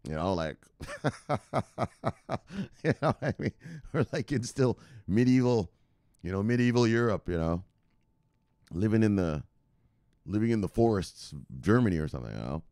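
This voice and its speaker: A man's voice: on the low side, animated, normal speed, pauses often, warm tone, clean tone, no echo, clean studio sound. A man hosting a crypto news show, rambling casually with profanity and hype outbursts.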